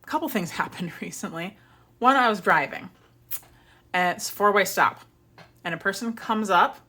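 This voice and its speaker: Bright-voiced woman chatting animatedly. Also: medium pitch. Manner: animated storytelling, acting out her own panicked apologies. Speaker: vlogger. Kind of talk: casual chat.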